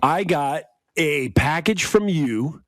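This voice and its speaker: A man co-hosting a podcast in casual chat, riffing with deadpan jokes. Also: on the high side, takes it slowly, no room sound, studio quality. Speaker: podcast co-host.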